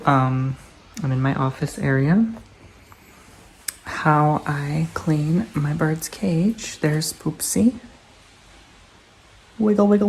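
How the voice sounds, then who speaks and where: A man's voice: a little high, creaky, a little hiss or hum. A man vlogging casually at home, chatting to the viewer and cooing at his pets in baby talk. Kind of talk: casual follow-me-around vlog. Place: indoors at home, office area.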